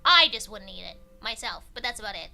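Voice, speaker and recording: A woman streamer in casual stream chat, rambling and chatty, quick to laugh. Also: medium pitch, animated, vocal fry, bright, forceful tone. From not from England.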